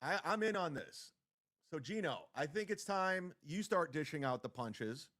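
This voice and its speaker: Ranting man with a lively voice. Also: fairly high pitch, measured pace. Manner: mocking, ranting, heavy swearing. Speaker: streamer reacting to a clip. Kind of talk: livestream commentary.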